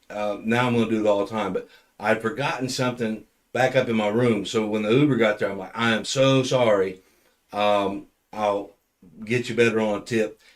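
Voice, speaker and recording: A man hosting a podcast, telling a funny story in casual chat, rambling and restarting often. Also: on the low side. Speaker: podcast host.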